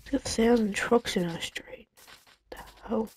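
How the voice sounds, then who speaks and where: A woman's voice: a little high, a little slow, darkish tone, slightly rough, no room sound. A woman giving casual, rambling commentary while playing a video game at home, talking to herself with lots of fillers. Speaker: gameplay video creator. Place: home on a busy street. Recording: street traffic noise behind. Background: passing trucks.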